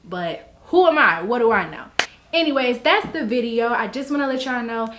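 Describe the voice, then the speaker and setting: A woman's voice: a little high, lively intonation, normal speed, noisy background. Blunt, exasperated young woman ranting. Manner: blunt and exasperated, swearing freely, mocking others in put-on quotes. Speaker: vlogger. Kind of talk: blunt casual vlog rant.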